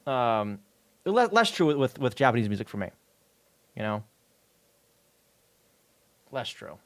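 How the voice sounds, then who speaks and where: A man's voice: mid-range voice, no room sound. A man streaming while he codes, chatting loosely with viewers, full of fillers and casual swearing. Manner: rambling, many fillers, swears casually, reads chat aloud. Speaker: streamer coding a game. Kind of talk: casual live-stream chat while coding.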